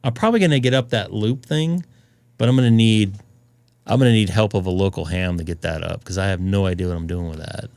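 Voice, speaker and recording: A man's voice: deep voice, fast talker, a little mellow, dry recording. A man hosting a ham radio live stream, chatting in a rambling, jokey way and laughing often. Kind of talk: casual chat on a live stream.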